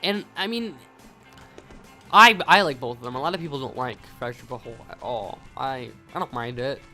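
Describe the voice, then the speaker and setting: A man's voice: medium pitch, moderate pace, sharp tone, faint music behind. A young American man with an American accent, rambling through casual let's-play commentary, stumbling over words and swearing. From United States. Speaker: gaming YouTuber.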